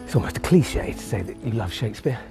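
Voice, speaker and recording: A man's voice: on the low side, expressive, quick pace, vocal fry, music in the background. A man walking his dog outdoors, thinking aloud in a rambling, musing monologue with restarts and chuckles. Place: outdoors on a street walk.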